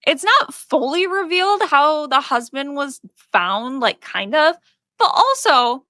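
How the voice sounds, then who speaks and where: A woman co-hosting a casual horror movie podcast, lively and slangy in her speech. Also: high-pitched, a little slow, no echo, clean studio sound. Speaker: podcast co-host.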